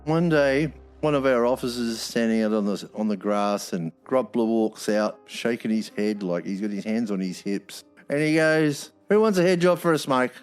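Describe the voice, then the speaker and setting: A man's voice: lowish voice, normal speed, hardly any pauses, clean tone, faint music behind. A man, a former prison officer telling stories bluntly, swearing freely, with wry humor. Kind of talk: anecdotal storytelling.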